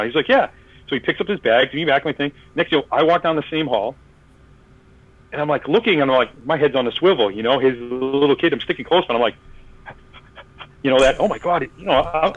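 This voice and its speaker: A man's voice: fairly high pitch, a bit bright, dry recording, muffled recording. A man telling a long story in casual podcast chat, acting out the voices of the people in it, with many fillers and restarts. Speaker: podcast guest.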